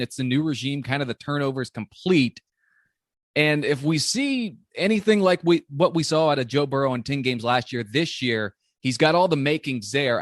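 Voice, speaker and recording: Man, Central Ohio accent, podcast host, excitable, joking, mid pitch, dry recording. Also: no room sound. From Zanesville, Ohio. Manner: fast, excitable, self-deprecating. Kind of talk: casual sports interview.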